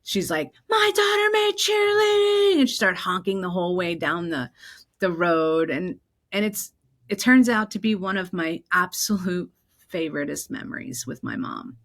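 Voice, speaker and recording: A woman from New Jersey hosting her own podcast, telling personal stories in an animated way and acting out the voices of the people in them. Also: on the low side, moderate pace. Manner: animated, acts out quoted voices. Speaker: podcast host. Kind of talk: personal storytelling.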